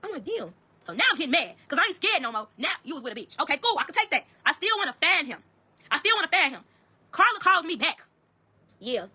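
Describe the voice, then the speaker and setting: A woman telling her own story to viewers in a rapid, heated, profane way. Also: sits high, sing-song, sharp tone. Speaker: storyteller in a social media clip.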